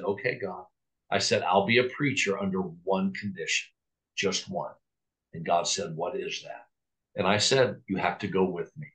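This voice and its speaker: A man's voice: fairly low pitch, a bit bright, rough recording. A middle-aged man, a pastor, telling his personal testimony in a podcast interview, acting out remembered dialogue and often restarting with stammered words. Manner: storytelling with reenacted dialogue, frequent stammered restarts.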